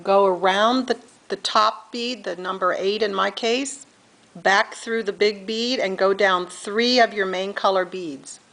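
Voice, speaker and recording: A woman's voice: medium pitch, fairly even intonation, unhurried, a bit bright, rough recording. A middle-aged woman giving a patient step-by-step beading tutorial, counting beads aloud and correcting herself as she goes. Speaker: beading instructor.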